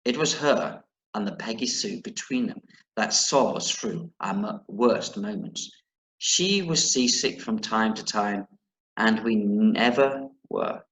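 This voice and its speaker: A man's voice: on the low side, expressive, unhurried, a bit bright, reverberant, low-quality recording. A male teacher reading a novel aloud to pupils, breaking off now and then to explain words and set homework.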